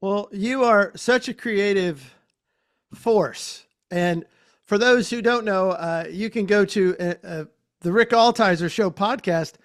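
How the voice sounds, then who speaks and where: Age and accent go unstated, but what you hear is a man with a notably high-pitched speaking voice, gushing with praise and laughing often as he hosts a podcast interview. He talks to his guest in a casual, chatty way over a video call. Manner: effusive, enthusiastic, quick to laugh. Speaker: podcast host.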